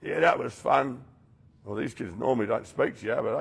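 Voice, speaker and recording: A man's voice: mid-range voice, normal speed, vocal fry, slightly rough. A man leading a rehab group, giving a blunt, confronting talk that speaks straight to his listeners and acts out the voices he quotes. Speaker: rehab program leader speaking to residents.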